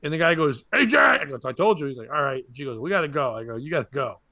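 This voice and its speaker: Speaking very fast in a mid-range voice, this podcasting comedian chats casually and tells stories, animatedly performing the voices of anyone he quotes. The studio-quality audio has no room sound.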